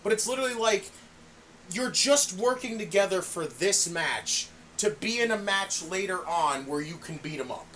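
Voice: medium pitch, moderate pace, a little hiss or hum. A podcast co-host in casual chat, swearing a lot and acting out other people's outbursts as they rant. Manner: profane, animated, acts out people's outbursts. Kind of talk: casual chat reviewing wrestling.

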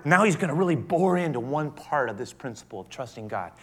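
Male preacher, mid-pitched, emphatic sermon delivery that drops to near-whispers. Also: animated, a little fast, hardly any pauses. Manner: emphatic, swings from loud to soft and hushed; repeats and restarts words. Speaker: pastor.

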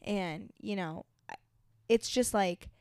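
A woman's voice: mid-range voice, takes it slowly, darkish tone, smooth, no room sound, clean studio sound. A woman in her twenties co-hosting a casual podcast, telling a personal story candidly and emotionally, with lots of fillers and swearing. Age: 20s. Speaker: podcast co-host.

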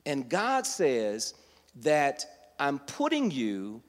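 Preacher guy, voice swings up and down a lot, gets loud and fired up, long hall echo. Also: mid-range voice, wildly swooping pitch, very slow. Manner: builds from quiet teaching to loud fervent preaching. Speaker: pastor. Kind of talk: sermon.

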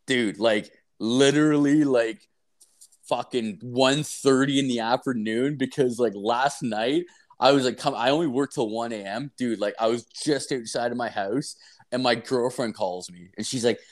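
Young guy, casual storyteller, loose and profane, full of filler, mid-pitched. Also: a little slow. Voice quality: profane, rambling, heavy with filler words. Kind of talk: casual chat.

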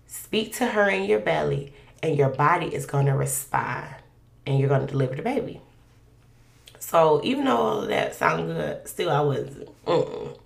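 Woman, personal testimony, chatty and animated, gravelly edge, echoey room. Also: deep voice, normal speed. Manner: conversational, animated, colloquial. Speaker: podcast guest sharing a testimony. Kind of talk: personal faith testimony storytelling.

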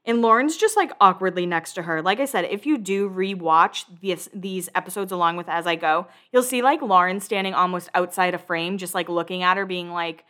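A woman's voice: mid-range voice, normal speed, pushed and bright. A woman hosting a podcast, chatting casually and acting out quotes as she recaps a reality show. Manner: chatty, swearing, acts out quotes. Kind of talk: casual chat.

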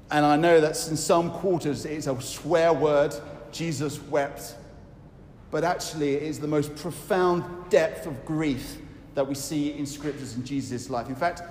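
A fairly high-voiced man preaching a sermon in a church. He talks earnestly, stumbles into fillers and restarts, and slows down for scripture. His voice rings through a reverberant hall, with a faint hiss underneath. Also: a little mellow. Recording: echoey hall with faint noise.

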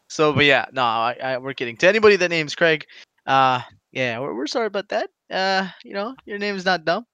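A man's voice: on the high side, animated, normal speed, sharp tone, smooth, no room sound. A man in casual chat with friends, rambling and laughing often between restarts.

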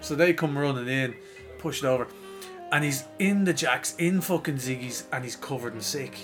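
A man's voice: medium pitch, normal speed, over music. A man with a Dublin Irish accent telling a long pub story in casual podcast chat. He swears constantly and acts out other people's lines. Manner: animated, profane storyteller acting out voices.

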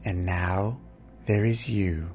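A deranged female orc pirate captain, voiced by a male storyteller, with a rough and broken rasp that sits low and hushed. She speaks slowly, with quiet menace, as a character in a fantasy audiobook. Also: soft background music, exaggerated voice. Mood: menacing.

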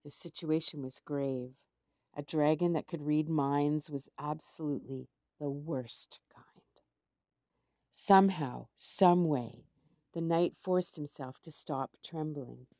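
Slow, measured woman reading a story. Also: sits low, mellow, dry recording, studio quality. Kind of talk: scripted storybook narration.

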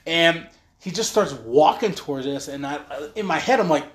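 A man from Utah tells a tour story in loose, cussing chat, throwing himself into the quotes with a slightly high voice. The room around him rings with echo. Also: normal speed. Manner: profane, animated storyteller who acts out quotes. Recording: roomy echoey room.

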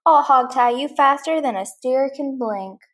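A bold cowgirl toy with a sassy, jaunty swagger, as a woman reads her aloud. The voice runs a touch high and lively. It is a storybook read-aloud. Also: unhurried, distant mic. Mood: feisty.

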